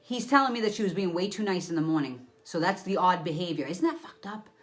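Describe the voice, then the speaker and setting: Lowish in pitch and quick in pace, a female medium reads live for her audience. She's outspoken and profane, animating scenes with sound effects and directing remarks at an unseen person.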